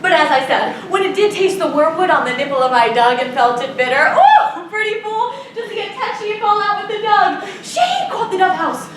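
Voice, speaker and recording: Woman acting as a high-pitched, lively rambling old nurse, roomy stage sound from afar. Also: normal speed, hardly any pauses, far from the mic, slight background noise. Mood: chatty. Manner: rambling, giggling, sentimental. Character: bawdy chattering old female nurse. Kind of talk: live student stage acting. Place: theater stage.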